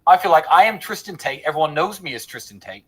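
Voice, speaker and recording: A man's voice: a little high, lively intonation, quick pace, a bit bright, breathy edge, poor audio. A man talking on a podcast, blunt and opinionated, swearing freely and stumbling over restarts as he goes. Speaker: podcast guest. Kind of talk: casual chat.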